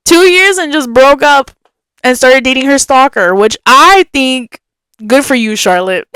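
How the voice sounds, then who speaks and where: A young woman co-hosting a podcast speaks in a chatty, emphatic way as she tells her story. Her voice is clean and smooth. The sound is dry and close, with no room echo. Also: high-pitched, lively intonation, unhurried, fairly bright tone. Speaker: podcast co-host. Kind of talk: casual storytelling.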